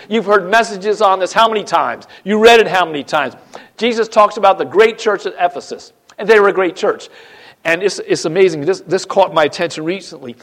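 A pastor with a voice that sits high preaches a Sunday sermon in church. He's emphatic, swinging between loud and quiet, and often repeats phrases.

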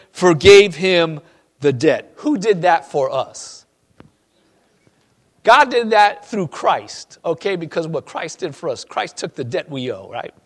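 A male pastor delivers a sermon to his congregation, reading from scripture and swinging between loud, emphatic passages and quiet, personal asides. His voice sits high.

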